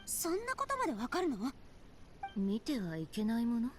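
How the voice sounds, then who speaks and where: A woman's voice: on the high side, huge pitch swings, quick pace, background noise. An actress voicing an earnest, serious young woman in a video game, talking with urgency and worry. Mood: worried. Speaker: game character. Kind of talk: Japanese video game voice acting.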